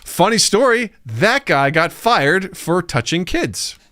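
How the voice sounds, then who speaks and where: This podcast co-host's voice sits high and moves slowly, recorded without room sound. In casual chat he tells stories with animation, acting out the voices of those he quotes.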